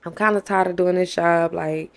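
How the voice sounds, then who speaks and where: A woman's voice: on the low side, fairly even intonation, moderate pace. A young woman, candidly telling a personal story to her viewers, calling them y'all and acting out what people said to her. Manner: conversational, addresses viewers as y'all, acts out quoted dialogue. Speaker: faith vlogger.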